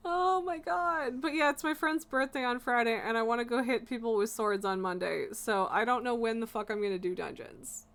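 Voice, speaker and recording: A woman's voice: a little high, moderate pace, a bit bright. A young woman streaming a game, ranting in exasperation and laughing between swears. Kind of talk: casual live-stream rant while gaming.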